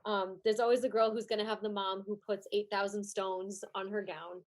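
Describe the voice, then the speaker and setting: A woman's voice: mid-range voice, little pitch movement, normal speed, darkish tone. A young adult woman in casual podcast chat as a guest. She talks about her time as a pageant contestant and judge, laughs often and says "like" a lot. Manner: chatty, laughs often, heavy use of "like".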